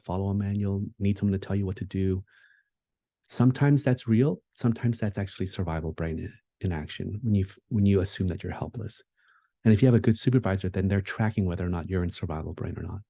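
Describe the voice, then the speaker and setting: A man with a low, very warm and mellow voice delivers a keynote talk. He speaks in a reflective, conversational way, often pausing with fillers and restarting sentences. The sound is dry and close. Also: dry recording.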